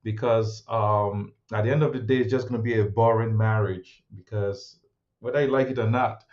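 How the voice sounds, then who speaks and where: A man co-hosting a podcast in casual chat, halting and thinking aloud as he speaks. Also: fairly low pitch, fairly even intonation, dull audio. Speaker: podcast co-host.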